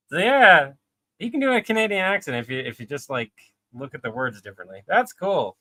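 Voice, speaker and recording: Male streamer, casual rambling chat, animated pitch, dry close sound. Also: a little fast, dry recording. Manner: relaxed, rambling with fillers. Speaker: live stream host.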